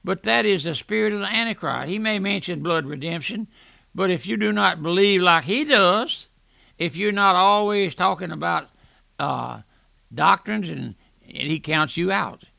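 A man's voice: high-pitched, moderate pace, creaky, bright, forceful tone, no room sound. An older man preaching a radio sermon, earnest, often restarting words and calling the listener "my friend".

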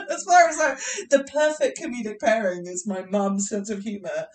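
A woman's voice: on the high side, a little slow, far from the mic, soft background music. A young English woman co-hosting a podcast in casual chat, self-mocking and laughing often. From England. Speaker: podcast co-host.

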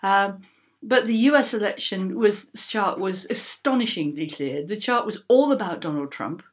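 A woman's voice: medium pitch, lively intonation, moderate pace. A woman co-hosting a casual podcast as the vicar, chatting and laughing easily, explaining ideas at length over a video call. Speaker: podcast co-host, vicar and astrologer.

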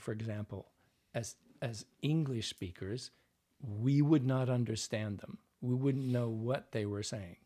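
A man's voice: mid-range voice, mellow. A man working as a dialect coach, explaining his method in an interview and demonstrating lines as he goes.

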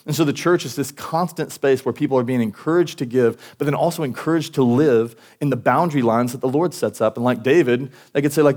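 A man preaching to his church in a loose, conversational way. His voice sits at an ordinary middle pitch. He restarts his sentences often and leans on casual fillers, as if he were talking with friends. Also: brisk, few pauses, a little mellow. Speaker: pastor. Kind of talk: sermon. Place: church service.

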